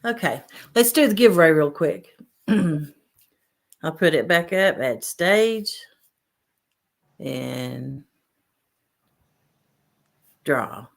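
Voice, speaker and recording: A woman's voice: deep voice, expressive, very slow, gravelly, long pauses. A woman hosting a casual fishing livestream, reading out chat names and greeting viewers. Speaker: livestream host.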